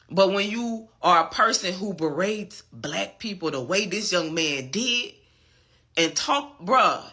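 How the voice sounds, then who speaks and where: With a sharp tone at medium pitch, this vlogger launches into an emphatic, swear-filled commentary rant. Again and again he asks the listener "you get what I'm saying."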